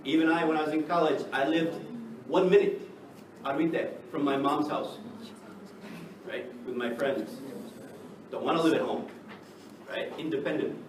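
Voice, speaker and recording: A man from the United States lectures a class in a lively way, tossing "right?" at his students after nearly every point. His voice sits a little high. The recording is roomy and distant, with noise under it. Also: normal speed, long pauses. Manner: lively, keeps asking "right?". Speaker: English teacher. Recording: echoey classroom from far off, noisy.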